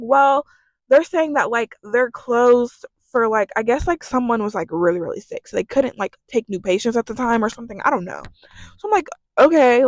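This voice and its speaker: A young woman tells a storytime vlog in a rambling, casual way, swearing often and leaning on fillers. Her voice sits a little high. It is recorded close and dry, with no room sound. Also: dry recording. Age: young adult. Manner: chatty, profane, lots of fillers. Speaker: vlogger.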